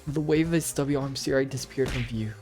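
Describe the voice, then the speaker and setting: A man's voice: medium pitch, fast talker, darkish tone, faint music behind, natural voice. An actor playing a young male game protagonist who narrates his own thoughts in a matter-of-fact way. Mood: thoughtful.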